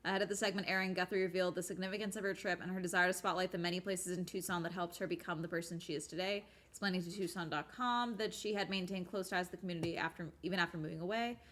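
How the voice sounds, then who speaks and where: A young woman chatting casually as she reads articles aloud, thinking out loud and trailing off into filler sounds. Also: lowish voice, steady tone, very fast, hardly any pauses. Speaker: streamer. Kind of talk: casual commentary while reading articles aloud.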